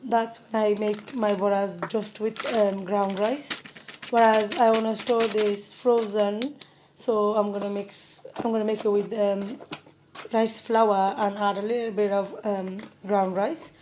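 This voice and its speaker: A woman hosting a casual home cooking tutorial with a croaky voice from a sore throat, chatty and repeating herself with many ums. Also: medium pitch, flat delivery, a little slow, noisy background. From Bangladesh.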